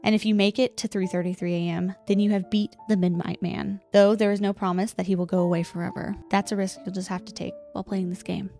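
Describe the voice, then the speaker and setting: A woman's voice: medium pitch, little pitch movement, gravelly, dark tone, faint music behind. Woman reading eerie game rules. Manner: reads rules slowly and deliberately, laughs often. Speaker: podcast co-host. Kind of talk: casual podcast chat, reading out game rules.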